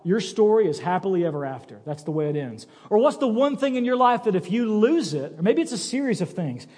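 A male pastor preaching a sermon, telling stories with animated, acted-out quotes. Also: high-pitched, brisk. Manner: animated storytelling, acts out quoted voices. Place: church sanctuary. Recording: church sanctuary with long reverb.

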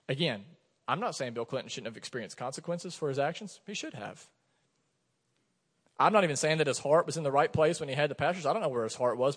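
A man's voice: mid-range voice, slightly rough, big-room sound. A man, a pastor in his thirties, preaching a sermon in a conversational way, telling stories from his own life. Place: church sanctuary.

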